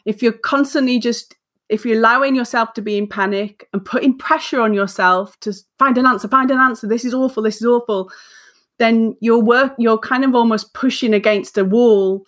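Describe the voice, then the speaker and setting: A woman's voice: on the high side, normal speed, a bit bright. A woman in her forties, a guest author on a podcast, telling a story with energy, acting out her own self-talk and laughing at herself. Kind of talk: casual podcast interview.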